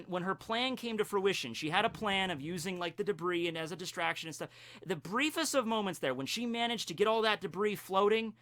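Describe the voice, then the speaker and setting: A man giving an excitable, animated anime commentary, telling stories with the odd swear. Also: a little high. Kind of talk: casual commentary.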